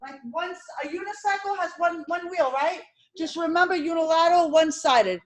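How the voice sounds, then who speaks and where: A woman teaching an insurance licensing class, drilling terms over and over and firing questions at her students. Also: very high-pitched. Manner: animated, repetitive drilling with quick questions to students. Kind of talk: classroom exam-prep lecture.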